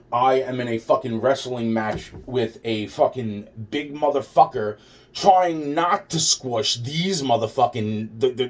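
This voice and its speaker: A man's voice: medium pitch, recorded from a distance. A man telling a rambling, profane personal story with sarcastic asides.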